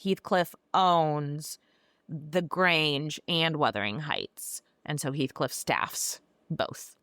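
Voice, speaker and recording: A woman's voice: sits low, fairly bright tone, clean tone, no room sound. A woman podcast host recapping a classic novel in a breezy, gossipy, irreverent way, with swearing, on a close mic. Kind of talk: casual book recap.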